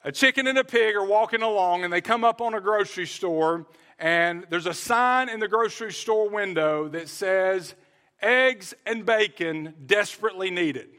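A man preaching with a high, bright voice. He delivers his sermon earnestly, leaning on repeated phrases and sometimes restarting a thought. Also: moderate pace, smooth. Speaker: pastor.

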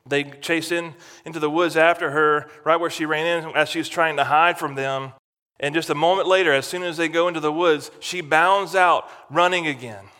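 A man preaching a sermon as pastor, dramatic, swinging from loud to near-hushed. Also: on the high side, steady tone, normal speed, clear, resonant tone, long reverb tail.

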